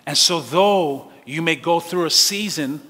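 Pastor: male, slightly high, forceful bright tone, animated storytelling sermon. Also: measured pace, big-room sound. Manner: animated storytelling with laughs and direct questions to the congregation. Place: church sanctuary.

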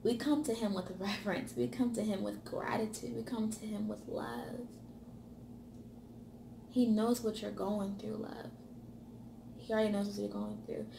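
A woman's voice: medium pitch, fairly even intonation, moderate pace, gravelly, pauses often, background noise. Woman preaching in an echoey room. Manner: repetitive emphatic lists, softens to a hush on key words. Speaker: ministry speaker. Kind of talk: motivational sermon.

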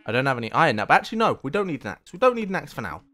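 Young male gamer host, very lively pitch, goofy chatty play-by-play. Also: very fast. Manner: playful, talks to himself and viewers, silly sing-song asides. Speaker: gaming channel host. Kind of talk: let's-play commentary.

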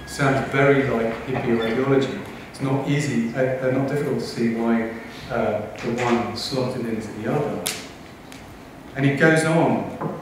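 A man's voice: medium pitch, a little slow, slight background noise. A man giving a conference lecture, eager and wry, with asides to the audience. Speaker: conference speaker. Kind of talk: lecture talk. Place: conference hall. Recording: echoey hall, heard from a distance.

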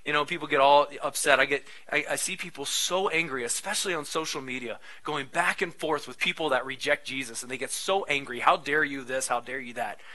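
A man in his thirties, a pastor preaching a sermon in a conversational, animated way with frequent asides. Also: fairly high pitch, brisk, hardly any pauses, rough recording.

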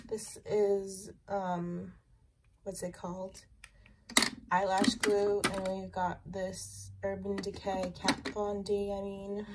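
A woman's voice: medium pitch, flat delivery, takes it slowly, heavy background noise. A young woman casually touring her makeup collection, rambling with lots of fillers. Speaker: beauty vlogger.

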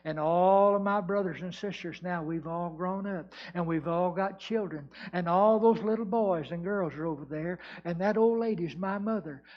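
A man preaching, voicing a grateful grown daughter whose blind mother was healed, earnest and rising to shouted praise. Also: sits high, normal speed, few pauses. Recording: dull lo-fi church recording.

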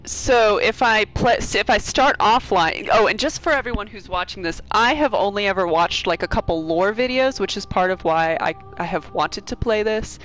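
A woman's voice: mid-range voice, normal speed, few pauses, fairly bright tone, low-quality recording. A woman hosting a live game stream, chatting casually with viewers and laughing often.

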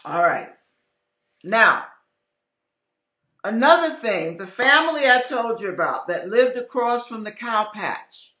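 A woman with a high, bright voice preaching in an emphatic, repetitive way, taking her time over each phrase. She acts out household quarrels in little quoted voices. Her words ring in an echoey room. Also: expressive, slow pace, long pauses. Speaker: Christian teacher. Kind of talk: sermon-style Bible teaching.

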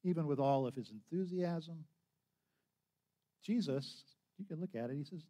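A man's voice: fairly high pitch, moderate pace, pauses often, dark tone. A man preaching a sermon as pastor, telling a story conversationally, with frequent restarts and acted-out quotes.

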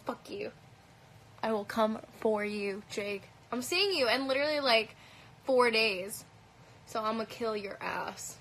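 A woman with a light Canadian accent answers viewer questions on a phone livestream. Her voice sits a little high and sounds bright and forward. She talks casually and bluntly, swears freely, and fills her sentences with "um" and "like.". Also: slow, long pauses, a little hiss or hum, poor audio. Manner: chatty, blunt and profane, many fillers. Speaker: livestream host answering comments. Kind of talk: casual live Q&A chat. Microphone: phone held at arm's length.

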